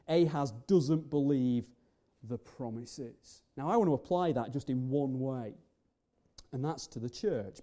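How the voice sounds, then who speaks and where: A man delivers a sermon in a fairly high, soft and mellow voice. He presses his points with rhetorical questions and rising emphasis, earnest throughout. The tone stays warm rather than sharp. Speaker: preacher.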